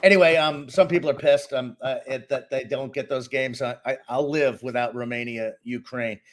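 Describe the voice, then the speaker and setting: A middle-aged man from Boston, co-hosting a casual sports podcast and giving opinionated, animated takes. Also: medium pitch, moderate pace. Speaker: co-host and sports analyst.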